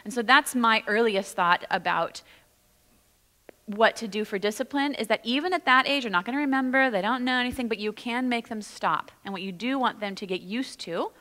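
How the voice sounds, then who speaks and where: A woman's voice: a little high, a little fast, pushed and bright, in a large hall. A woman pastor teaching in a casual, chatty way, full of "like" and "you know". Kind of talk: conversational church teaching. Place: church sanctuary.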